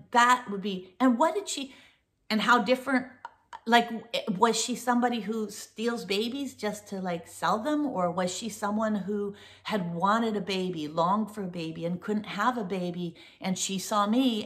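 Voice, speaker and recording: A woman's voice: medium pitch, fairly bright tone. Woman telling a tense story. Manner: breathless, restarts often, acts out quotes. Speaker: vlog host. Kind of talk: casual storytelling to viewers.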